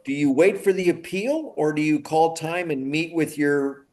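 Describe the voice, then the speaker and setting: Higher-voiced man asking a question. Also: moderate pace, a little mellow, soft background music. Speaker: participant umpire.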